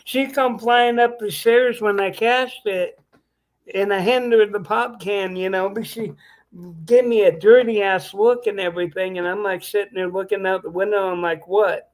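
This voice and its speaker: A man with a notably high voice tells a casual, crude anecdote. He speaks at a relaxed pace, with plain, slangy phrasing. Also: moderate pace. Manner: laid-back storyteller, crude slang. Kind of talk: casual storytelling chat.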